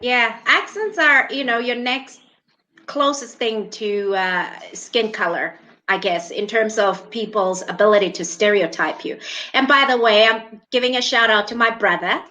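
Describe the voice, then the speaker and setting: A woman's voice: on the high side, measured pace, pushed and bright, low-quality recording. A middle-aged woman co-hosting a podcast, chatty and effusive in casual conversation. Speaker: podcast co-host.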